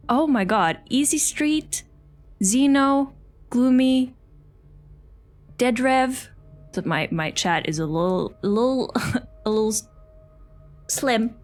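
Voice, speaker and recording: A young adult woman streaming a game, chatting casually and excitably, swearing freely and thanking viewers by name. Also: a little high. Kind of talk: casual live-stream chatter while playing.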